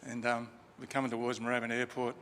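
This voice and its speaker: Aussie guy with a gravelly voice rambling through a story at a funeral, long echo in the chapel. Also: medium pitch, monotone, quick pace, fairly bright tone, a little hiss or hum. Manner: chatty anecdotal, with fillers and restarts. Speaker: funeral eulogy speaker. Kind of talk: informal storytelling eulogy. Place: crematorium chapel. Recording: reverberant chapel, faint ambience.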